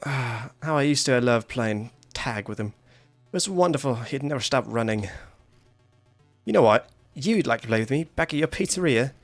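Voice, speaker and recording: A man voicing a brash, teasing British-accented animatronic in a high voice that slips toward Australian. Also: expressive, moderate pace, soft background music, lightly acted. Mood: cheeky. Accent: put-on British slipping toward Australian.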